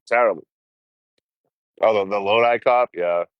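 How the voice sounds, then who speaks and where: Deep-voiced profane man telling road stories. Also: normal speed, clear, resonant tone, no echo, highs cut off. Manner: profane, animated storytelling. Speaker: hitchhiking livestreamer. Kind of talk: casual storytelling on a livestream.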